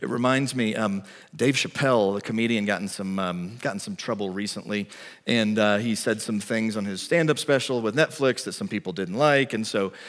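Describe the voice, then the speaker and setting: A male pastor delivers a sermon in a conversational, storytelling style, speaking at a moderate pace in a lowish voice. The large hall around him adds long reverb.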